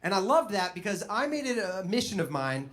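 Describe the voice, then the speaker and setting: Man, twenties, stand-up comedy, self-deprecating, lively storytelling, high-pitched. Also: fairly quick.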